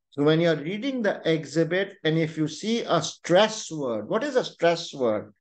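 Young male tutor, Pakistani English accent, high voice, unhurried webinar delivery. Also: big pitch swings. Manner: slow, deliberate instruction with frequent "you know" and "right?". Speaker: exam tutor. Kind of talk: online webinar lesson.

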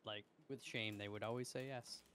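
A man casually telling an anecdote, halting and quietly amused as he goes. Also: on the low side, steady tone, clear, resonant tone.

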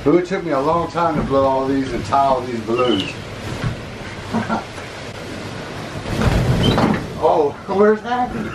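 A man's voice: mid-range voice, moderate pace, pauses often. A man who owns pet monkeys narrates a casual vlog in a playful, chatty way, laughing often and talking to the animals. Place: indoor room filled with balloons. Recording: echoey room, distant mic, background noise.

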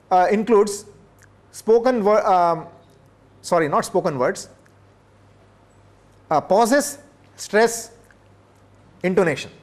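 Guy lecturing teachers, kinda high voice, says things twice for emphasis, asks "right?" a lot. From India. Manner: repeats for emphasis, asks the audience rhetorical questions. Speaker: professor.

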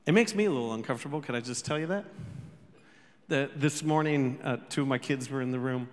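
A man preaching a sermon as pastor, telling the story with jokes, quick asides and sudden shouts. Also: medium pitch, long reverb tail. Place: church sanctuary.

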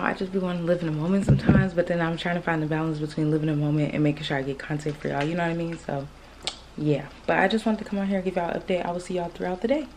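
Young female vlogger, lowish voice, loose chatty delivery, off-mic with background noise. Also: distant mic. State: out of breath after climbing stairs. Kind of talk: casual vlog chat.

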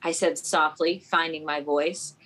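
Female podcast co-host, lower voice, calm reader with deadpan quips. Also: measured pace. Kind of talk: reading a novel aloud.

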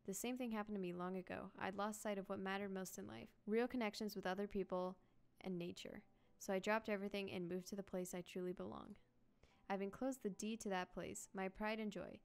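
A loving elderly grandfather, read aloud by a woman, leaves a farewell letter in a video game. The delivery is soft and hushed, unhurried, at a middling pitch for her. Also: steady tone, vocal fry, clean tone, close to an everyday voice. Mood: tender.

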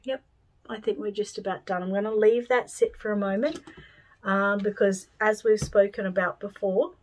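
A cheerful Australian woman talks her viewers through a craft step by step. She rambles and thinks out loud, with fillers and small asides, and her pitch sits in the middle of the usual range for a woman. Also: moderate pace, poor audio. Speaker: doll-making tutor. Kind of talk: chatty craft tutorial.

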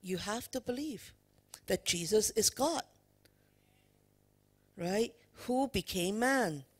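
Woman preaching a sermon, slow delivery, emphatic, asks the church questions. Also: mid-range voice, lively intonation, breathy edge. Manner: emphatic, addresses the congregation with questions and "you know" fillers. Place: church worship service.

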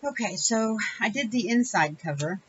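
A woman's voice: on the high side, animated, moderate pace, highs cut off, slight background noise. A woman hosting a casual crafting video, chatting in a rambling, self-correcting way with small laughs. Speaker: crafting channel host. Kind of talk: casual crafting tutorial chat.

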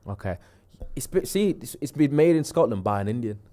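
A man co-hosting a casual live-stream chat, animated, laughing often, trailing off and restarting. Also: mid-range voice, brisk. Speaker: co-host.

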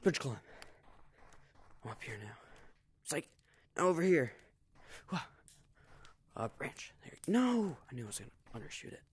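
Playful giggly male gamer, lively pitch. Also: moderate pace, long pauses, slight background noise. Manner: playful, giggly, teasing, drops into whispers. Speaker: gaming video creator. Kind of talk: casual gameplay commentary.

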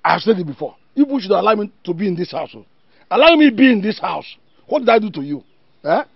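A man's voice: high voice, sing-song, fast talker, creaky, no room sound, muffled recording, exaggerated voice. An actor with a Nigerian accent playing an argumentative village father who stands up for his son. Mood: arguing. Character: defensive village father, gravelly and stern.

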